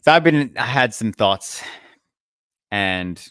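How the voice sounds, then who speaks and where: Deep-voiced man in loose podcast banter. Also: expressive, slow, fairly bright tone, smooth, dry recording, clean studio sound. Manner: loose, swearing, storytelling banter. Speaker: podcast co-host. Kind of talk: casual podcast chat.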